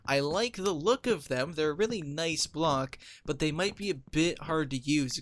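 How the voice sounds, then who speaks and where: Man, higher register, casual let's-play narration, relaxed and thinking aloud, dry booth sound. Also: no echo. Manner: chatty, thinks aloud, laughs easily. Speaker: Minecraft let's player. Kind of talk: casual gameplay commentary.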